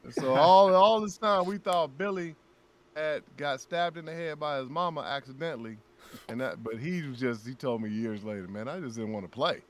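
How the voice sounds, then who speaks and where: A man talking as a guest voice actor in a casual podcast chat, an animated storyteller who laughs often and repeats his phrases. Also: a little high, moderate pace, a little hiss or hum.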